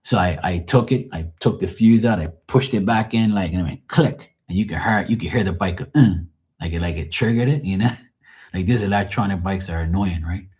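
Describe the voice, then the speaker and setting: Low husky guy just chatting on his stream, swears a lot, rambles through stories. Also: a little fast. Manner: profane, rambling, animated when quoting others. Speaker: livestream host. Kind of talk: casual storytelling chat.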